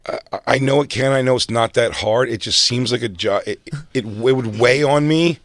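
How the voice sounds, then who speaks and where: A man's voice: medium pitch, normal speed, no room sound. A man hosting a podcast, telling rambling, self-mocking stories in casual comedic chat.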